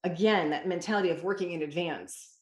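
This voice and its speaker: Answering interview questions in a room that echoes, a woman who mentors parents speaks fairly quickly in a lowish voice. She is emphatic and tells stories, voicing quoted dialogue.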